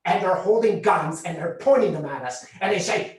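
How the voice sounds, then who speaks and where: A man performing a solo theatre piece, telling his own story with vivid, expressive delivery. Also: sits high, moderate pace. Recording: roomy theatre heard from a distance.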